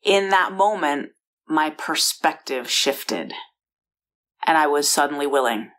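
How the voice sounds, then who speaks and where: A low-voiced woman from San Francisco tells a personal story straight to the listener. She talks chattily, restarting sentences and adding asides as she goes, recorded in a bedroom. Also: animated, takes it slowly, a bit bright. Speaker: founder and host.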